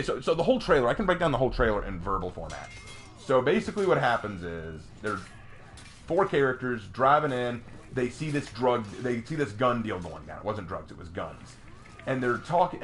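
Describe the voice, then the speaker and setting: A man streaming a game, ranting casually in an animated, mocking way, with frequent restarts and stammered repeats. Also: mid-range voice, slight background noise.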